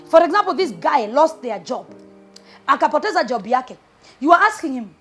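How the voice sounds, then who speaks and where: A woman's voice: very high-pitched, animated, moderate pace, faint music behind. Emphatic woman preaching. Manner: emphatic, mixes Swahili phrases, punchy repeated commands. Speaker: prophetess preacher. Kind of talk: sermon-style relationship advice.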